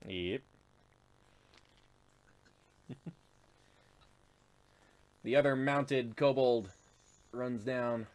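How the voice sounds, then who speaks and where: A man's voice: mid-range voice, drawn-out words, long pauses. A man narrating as game master of a tabletop game in a laid-back, chuckling manner with many fillers. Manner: laid-back, laughs often, lots of fillers.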